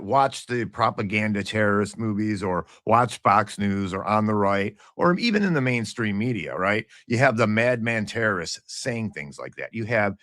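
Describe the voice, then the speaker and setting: Low voiced guy co-hosting a politics podcast, sounds indignant, dry mic. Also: a bit bright, no echo. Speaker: podcast co-host. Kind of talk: casual political commentary.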